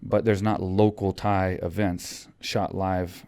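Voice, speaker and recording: A man's voice: low voice, level tone, slow, vocal fry, a little mellow, clear, resonant tone. A man hosting a podcast in casual chat, rambling with lots of fillers and restarts. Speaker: podcast host.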